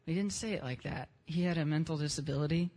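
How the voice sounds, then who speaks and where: A man's voice: on the high side, fast talker, a little mellow. A young man in his teens giving a casual spoken testimony at a church service, telling his story in plain, unpolished words with some slang.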